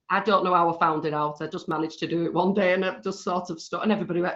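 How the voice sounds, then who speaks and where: A woman's voice: on the low side, steady tone, quick pace, a bit bright. A British woman as a guest on a live-stream interview. She talks chattily and bluntly and laughs often. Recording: dull lo-fi stream audio.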